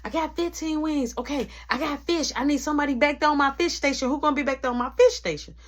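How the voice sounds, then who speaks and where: A woman's voice: high voice, pitched above the performer's own voice, lightly acted. A woman voicing a busy female shift lead who calls out kitchen orders. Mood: hurried. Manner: brisk, order-calling.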